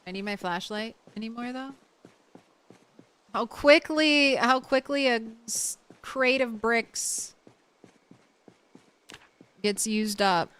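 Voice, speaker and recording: A woman's voice: on the high side, slow, pauses often, fairly bright tone, clean tone. A tired young woman streaming a game late at night, chatting casually with her viewers and often restarting her sentences.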